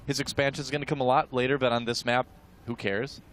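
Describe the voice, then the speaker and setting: A man commentating a strategy game match as a caster, chatty and analytical, filling pauses with "uh" and "um". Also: medium pitch, level tone, a bit bright. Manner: chatty, lays out past matches and strategy with fillers. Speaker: esports caster. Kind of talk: play-by-play commentary.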